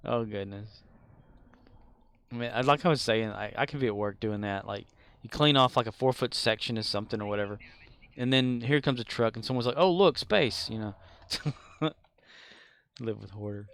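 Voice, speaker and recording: A man's voice: fairly low pitch, normal speed, long pauses, fairly bright tone, smooth, dry recording. A man streaming a game, chatting casually with viewers in a rambling way and chuckling often. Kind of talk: casual live-stream chat.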